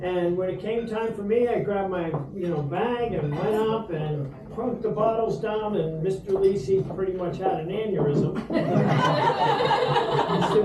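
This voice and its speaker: High-voiced man telling a dinner story. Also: animated, a little slow, crowd noise. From Rhode Island, USA. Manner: humorous anecdotal storyteller, many fillers. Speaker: host giving a dinner toast. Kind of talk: storytelling toast to dinner guests. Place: restaurant dining room. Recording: roomy echo from far off, background noise.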